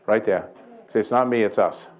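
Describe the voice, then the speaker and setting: A man with a fairly low voice leads a church healing service. He tells folksy, joking stories between short prayers and calls to the congregation. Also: moderate pace, a little mellow. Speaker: guest healing evangelist. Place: church sanctuary.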